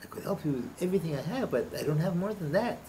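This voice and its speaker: A man voicing a kindly older rabbi who gives earnest, gentle advice in a spoken story. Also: fairly high pitch, lively intonation, fast talker, slight background noise, natural voice, rough recording.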